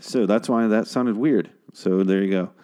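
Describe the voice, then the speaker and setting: A man talking in a hushed way late at night at home, casually recapping a TV episode and swearing often. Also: fairly low pitch, normal speed. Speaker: show recapper. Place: home at night, a girlfriend asleep in the next room.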